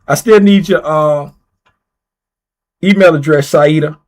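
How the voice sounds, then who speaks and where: A man with a notably high voice chats loosely on a livestream. He reads viewers' names and questions out loud, often saying things twice. He teases the audience in a relaxed, offhand way. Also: slow pace. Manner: reads viewer names aloud and repeats himself while typing; playful, teasing. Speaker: livestream host running a giveaway. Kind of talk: casual livestream chat.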